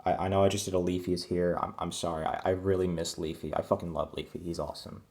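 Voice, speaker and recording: With a low, creaky, slightly mellow voice and flat delivery, a man in his twenties rants quickly to camera from inside his home. His vlog is crude, rambling, and full of fillers, and he keeps his voice down since it's early morning.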